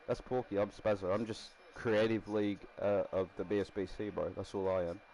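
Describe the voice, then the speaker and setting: A man's voice: fairly low pitch, flat delivery, a little fast, darkish tone, poor audio. A man casually commenting while building a rugby team in a game, rambling and laughing often. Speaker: gaming streamer.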